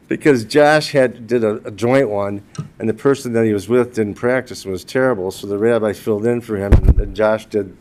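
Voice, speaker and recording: A man's voice: fairly low pitch, normal speed, a little mellow, slight background noise. Older man telling funny eulogy stories. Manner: humorous storyteller who laughs at his own stories. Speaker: widower giving a eulogy. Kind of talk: funeral eulogy told as personal anecdotes.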